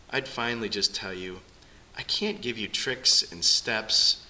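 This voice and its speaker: Man, pastor, earnest sermon, very bright voice, faint hiss. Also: on the low side, unhurried, rough recording. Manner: earnest, conversational preaching with restarts.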